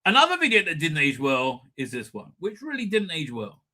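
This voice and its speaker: A man's voice: fairly high pitch, wildly swooping pitch, a little fast, pushed and bright. A man hosting a live stream, ranting sarcastically and crudely at video clips and swearing freely.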